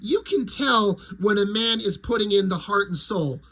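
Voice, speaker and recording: Man, high husky voice, excited profane comic reviewer, casual. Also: normal speed. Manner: excited, profane, laughing storyteller.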